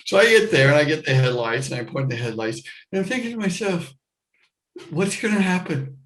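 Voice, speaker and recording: A middle-aged American man telling a personal story to a live audience, animated, jumping into loud high voices for the people in it. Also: fast, poor audio. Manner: animated, acts out his younger self and others with loud high shouts.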